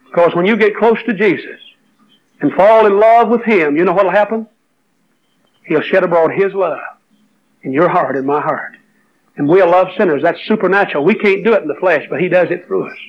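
A man's voice: a little high, lo-fi sound. A man preaching a sermon, telling an emotional story and then urging his listeners on with fervor. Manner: emotional storytelling, rising to fervent exhortation.

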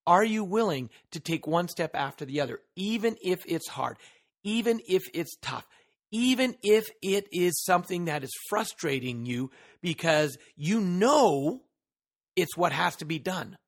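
Earnest, emphatic motivational podcaster. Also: male voice, high-pitched, lively intonation, unhurried. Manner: earnest, emphatic, rhetorical questions. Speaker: podcast host. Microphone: podcast microphone.

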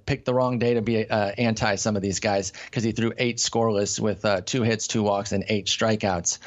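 A man's voice: fairly low pitch, highs cut off. A man co-hosting a podcast in casual debate, pressing his partner with pointed questions. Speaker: fantasy baseball podcast co-host.

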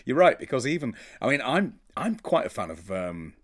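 A man talks casually on a podcast and states firm opinions with emphasis. His voice is of middling pitch but very animated in its rise and fall. He often restarts his words mid-thought. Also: normal speed. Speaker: podcast co-host. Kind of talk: casual chat.

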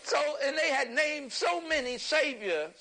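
High-voiced man lecturing with preacher fire. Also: lively intonation, unhurried, low-quality recording. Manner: preacherly, emphatic, rising to shouts. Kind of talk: impassioned lecture to a live audience.

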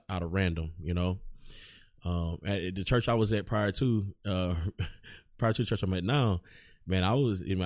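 Podcast host, male, very low voice, halting delivery full of restarts, dry close sound. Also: a little mellow, no room sound. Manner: halting, many restarts and fillers. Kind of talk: casual chat.

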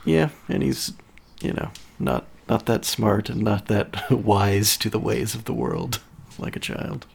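A man's voice: fairly low pitch, unhurried, vocal fry, a little mellow, slightly rough. A man on a casual podcast who talks hesitantly, with fillers and laughs.

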